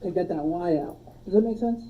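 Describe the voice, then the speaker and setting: A woman teaching a logic class, relaxed, quizzing her students and joking with them, recorded on a phone in a classroom. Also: fairly low pitch, fairly quick, distant mic, lo-fi sound. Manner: relaxed, asks the class questions and jokes. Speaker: logic instructor. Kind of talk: classroom lecture. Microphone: phone streaming the class.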